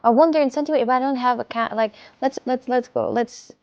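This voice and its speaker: A woman's voice: a little high, quick pace, a little mellow, muffled recording. A woman with a Russian accent chatting casually on a live stream from home, rambling and often stumbling over and repeating her words.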